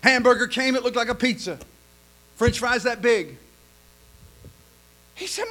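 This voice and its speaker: A man preaching in a folksy, joke-telling sermon style, stammering and repeating himself, swinging from quiet asides to loud punchlines. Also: very high-pitched, measured pace, long pauses. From lives in Oklahoma.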